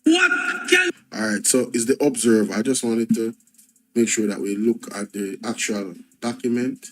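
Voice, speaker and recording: A man's voice: mid-range voice, big pitch swings, moderate pace, a little hiss or hum, low-quality recording. A man hosting a news reaction show. He rants emphatically, circling back over his points again and again, fed up and blunt. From Jamaica. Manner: angry, repetitive, emphatic ranting. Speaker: host. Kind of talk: commentary reacting to news clips.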